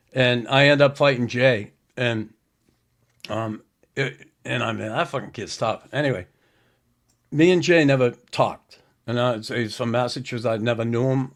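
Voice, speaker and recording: A middle-aged man hosting a casual podcast, telling rambling stories in a blunt, profane way. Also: mid-range voice. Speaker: podcast host, former hockey player.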